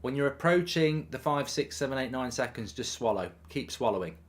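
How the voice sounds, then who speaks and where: Husky and animated, this medium-pitched male voice runs a little fast. He's a watchalong streamer with hiccups, chatting casually, reading his viewers' messages out loud, and dropping frequent ums.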